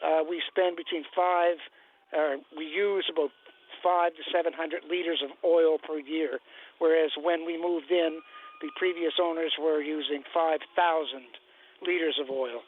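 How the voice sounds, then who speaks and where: A man's voice: fairly high pitch, steady tone, a little slow, slight background noise. An older man from Nova Scotia, calling into a radio show, blunt and sarcastic with many hesitations. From Nova Scotia, Canada. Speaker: caller. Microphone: phone. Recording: tinny phone line.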